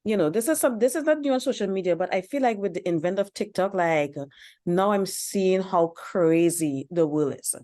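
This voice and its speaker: A woman's voice: medium pitch, moderate pace, mellow. Blunt woman giving dating advice. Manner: blunt, preachy, repeats her points. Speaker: dating advice channel host. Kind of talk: commentary on a reaction video.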